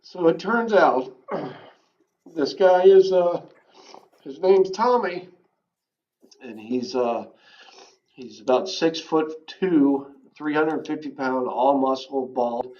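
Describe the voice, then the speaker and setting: A man being interviewed, telling a personal recovery story in a halting, earnest way with frequent throat clearing. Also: on the high side, darkish tone, highs cut off. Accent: Southern American. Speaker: interview guest. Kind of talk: candid personal testimony.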